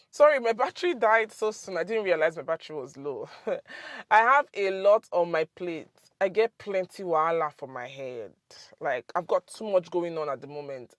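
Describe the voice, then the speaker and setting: A woman's voice: on the low side, no echo, studio quality. A young woman with a Nigerian accent hosts a casual language lesson, repeating phrases and laughing often. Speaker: language teacher, channel host.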